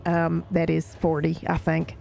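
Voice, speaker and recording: A woman's voice: low voice, monotone, a little slow, creaky, dark tone. A woman recapping events in character during a roleplay session, rambling and swearing casually as she tells the story.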